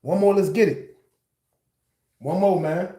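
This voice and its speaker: Man, livestream storyteller, slangy and animated, fairly high voice, echoey room. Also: slow. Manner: loose, slangy, animated retelling.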